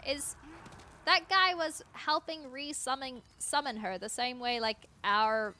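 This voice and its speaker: A woman's voice: fairly high pitch, animated, a little slow, noisy background. A woman streamer chatting playfully through her gameplay, talking to her dog and her viewers. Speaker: game streamer. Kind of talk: live-stream gameplay commentary.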